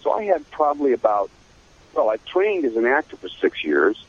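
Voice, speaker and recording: An older man, a voice actor, telling career stories in a casual interview, animated and slipping into voices. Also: mid-range voice, moderate pace, husky, narrow, tinny audio. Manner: animated storyteller who slips into voices. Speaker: voice actor guest.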